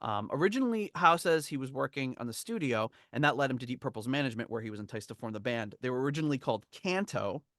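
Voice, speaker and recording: Chuckling podcast host, dry sound. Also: male voice, medium pitch, lively intonation, fast, hardly any pauses, a bit bright, no room sound. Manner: rambling, chuckling storyteller. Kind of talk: casual chat, reading from a memoir.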